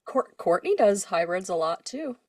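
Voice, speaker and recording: Animated young woman telling a story. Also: mid-range voice, moderate pace, dry recording, clean studio sound. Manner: animated storyteller, acts out quotes, laughs often. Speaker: podcast co-host, singer. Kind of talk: casual chat.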